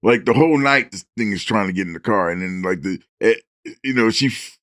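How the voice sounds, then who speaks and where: A man's voice: on the low side, brisk, dry recording, clean studio sound. A man co-hosting a podcast, telling stories with animation and acting out lines, restarting in bursts. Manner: animated storyteller who acts out the characters' lines. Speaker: podcast co-host. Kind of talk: casual chat, storytelling.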